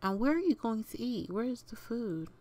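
A woman's voice: a little high, animated, normal speed, a little mellow. A woman casually commentating her life-sim gameplay and chatting to her game characters as if they were family. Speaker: gaming channel host.

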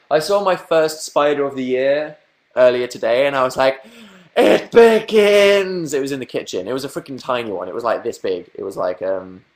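Young southern English man, self-mocking livestream host, medium pitch, playful and sing-songy, webcam at home. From southern England. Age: young adult. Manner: playful, self-mocking, bursts into silly sing-song noises. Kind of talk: casual livestream chat answering viewer questions.

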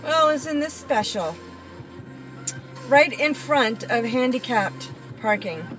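A woman's voice: a little high, expressive, takes it slowly, fairly bright tone, soft background music, rough recording. A woman driving and filming, ranting at other drivers with sarcastic, swearing mutters. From Florida. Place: inside a car on the road. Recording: car cabin with road noise.

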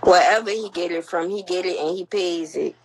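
A woman's voice: on the low side, a little fast, darkish tone, slightly rough. A young woman on a live stream, bluntly and confrontationally scolding the people watching. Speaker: livestreamer. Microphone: phone. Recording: lo-fi phone livestream audio.

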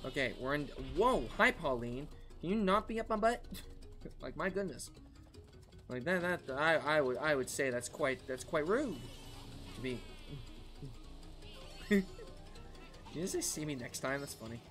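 A man streaming a racing game live, chatting with his viewers in an excitable, talkative way and laughing often. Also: fairly high pitch, a little slow, long pauses. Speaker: gaming streamer. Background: faint background music.

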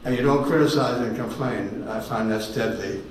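A man in his eighties giving a personal testimony sermon, halting and repeating words as he tells stories. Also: mid-range voice. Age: 80s. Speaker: guest speaker giving testimony. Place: ministry meeting room with audience. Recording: very echoey hall, distant mic, faint noise.

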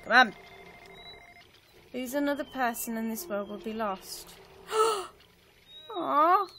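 A woman chatting through a video game, self-mocking, with sudden excited cries. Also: fairly high pitch, slow pace, noisy background. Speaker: let's play gamer. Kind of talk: casual gameplay commentary.

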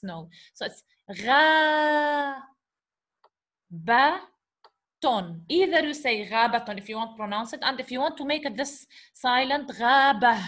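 An Arabic teacher, a woman with a high, fairly bright voice, gives a beginners' lesson on letters, patiently sounding out syllables and putting questions to the class.

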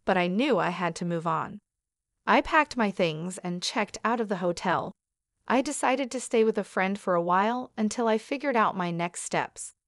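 A woman narrating a first-person story in a calm, measured way. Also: medium pitch, dry recording, studio quality.

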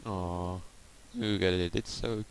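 A man's voice: low-pitched, steady tone, slow, poor audio. A man giving casual gameplay commentary, chatting to the monsters on screen, swearing freely and sometimes dropping to a murmur. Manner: chats to game monsters, swears, drops to a murmur. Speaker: Let's Play host. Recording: clear background noise.

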